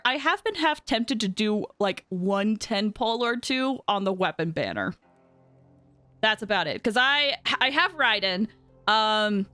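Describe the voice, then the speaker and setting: A woman's voice: on the high side, pushed and bright, no room sound. A young woman streaming a game, chatting with viewers in a bubbly, giggly way. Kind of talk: casual live-stream chat.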